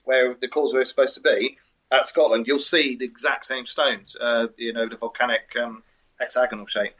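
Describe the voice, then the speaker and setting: Bright-voiced man, dry jokey co-host. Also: medium pitch. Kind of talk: live show chat and story reading. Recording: dull lo-fi audio.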